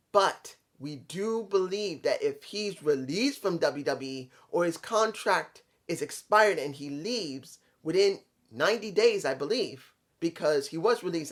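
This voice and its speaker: A man talking through a fantasy wrestling storyline in a rambling, self-correcting monologue. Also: fairly high pitch. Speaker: wrestling fan commentator.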